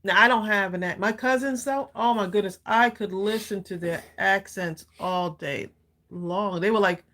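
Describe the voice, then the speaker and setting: A chatty, upbeat middle-aged woman talks through a craft project on a live stream. She laughs easily and keeps a loose, friendly flow as she works. Her voice sits at an ordinary pitch for a woman. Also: moderate pace, a bit bright. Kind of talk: casual live-stream chat while demonstrating a craft.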